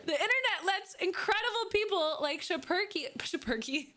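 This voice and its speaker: A woman in her thirties talks straight into her desk microphone during a casual livestream. Her voice sits high, and she sounds excited and animated throughout, swearing freely as she chats. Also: moderate pace. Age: 30s.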